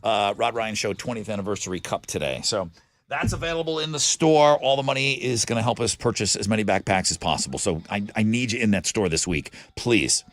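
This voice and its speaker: A man's voice: on the low side, brisk, dry recording. A man hosting a morning radio show, chatting casually and rattling off promos and jokes. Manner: lively, jokey, rattles off promos. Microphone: studio microphone.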